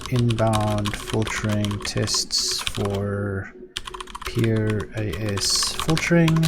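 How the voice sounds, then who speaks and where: A South African man on a casual live coding stream, muttering commands aloud as he types, chatting with viewers and swearing freely. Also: on the low side. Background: background music and keyboard typing.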